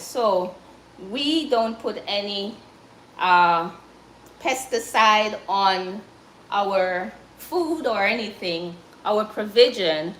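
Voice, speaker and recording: A woman's voice: medium pitch, sharp tone, reverberant, slight background noise, poor audio. A Jamaican woman chatting casually and encouragingly to viewers on a live stream while she cooks.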